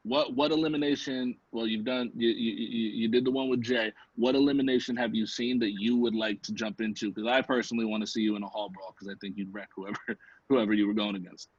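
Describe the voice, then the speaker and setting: A man's voice: lowish voice, fairly even intonation, fast, slightly rough, no echo. Laid-back male host, dry muffled sound. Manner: laid-back, hesitant, lots of fillers. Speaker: podcast host, interviewer. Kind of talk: casual interview chat. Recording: dry, dull lo-fi audio.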